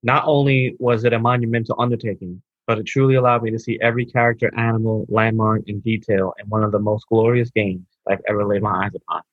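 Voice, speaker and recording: A man's voice: lowish voice, steady tone, quick pace, hardly any pauses, no room sound. A laid-back man co-hosting a casual gaming podcast, chatting and reading a listener's message. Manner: laid-back, says bro, slurs over restarts. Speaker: podcast co-host. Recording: dull lo-fi mic.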